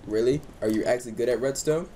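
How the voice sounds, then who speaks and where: A young man hosting a casual gaming chat, excitable and teasing, breaking into high yelps over a headset mic. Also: quick pace, slight background noise. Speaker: let's play host.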